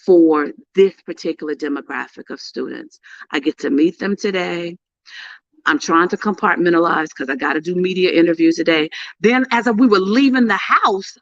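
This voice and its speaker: A middle-aged woman and PR coach telling a story to camera in a casual, animated way, with emphatic bursts and hushed asides. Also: medium pitch, no echo. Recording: dull lo-fi, dry sound.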